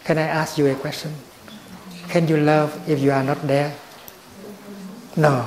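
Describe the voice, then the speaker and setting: An older man giving a slow, gentle dharma talk as a Buddhist teacher. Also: mid-range voice, fairly even intonation. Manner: slow and gentle, with long pauses. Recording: roomy echo.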